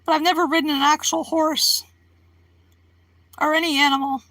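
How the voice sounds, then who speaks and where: A woman's voice: high voice, flat delivery, moderate pace, sharp tone, dry recording. A woman live streaming, chatting casually with her viewers in a rambling, giggly way and laughing often.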